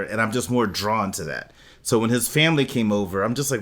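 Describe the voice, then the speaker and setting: A man's voice: on the low side, fairly quick, a bit bright. A man co-hosting a podcast, giving blunt opinions in a casual chat. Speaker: podcast co-host.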